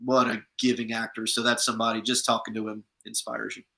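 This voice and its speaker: A man's voice: fairly low pitch, little pitch movement, quick pace, gravelly, bright, forceful tone, low-quality recording. A man, an actor guest in an interview, chatting through anecdotes from set with many restarts. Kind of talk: casual interview storytelling.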